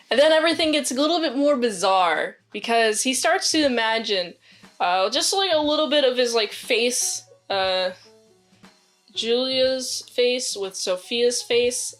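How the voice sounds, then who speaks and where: A woman with a slightly high voice retells a film in a loose, rambling way, leaning on "like" at every turn. Soft music plays faintly behind her. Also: animated, measured pace. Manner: rambling, many "like"s, acts out quotes. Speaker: movie reviewer. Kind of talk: casual movie review.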